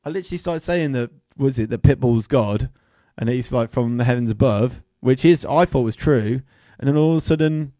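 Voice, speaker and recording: A man's voice: mid-range voice, fairly quick, few pauses, dark tone, no room sound, studio quality. A man hosting a DJ livestream, rambling and joking, swearing freely and trailing into asides. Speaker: DJ livestream host.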